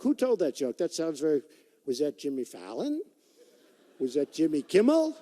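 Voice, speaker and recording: A political candidate giving an off-the-cuff campaign rally speech, emphatic and repetitive. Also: male voice, very high-pitched, expressive, normal speed, dark tone. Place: large indoor rally venue. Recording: long echo of a large hall.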